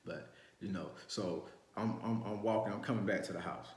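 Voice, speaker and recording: A man tells a story from his youth in rambling street slang, restarting often, in casual first-person style. His voice is on the low side and moves at a moderate pace, with a roomy echo around it.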